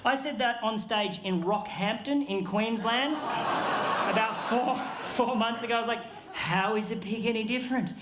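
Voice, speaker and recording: A performer voicing a male felt puppet stand-up comedian with an Australian accent, telling a swearing, deadpan story on a live stage. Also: medium pitch, unhurried, close to an everyday voice. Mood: wry. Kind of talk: stand-up routine. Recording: echoey stage with audience noise.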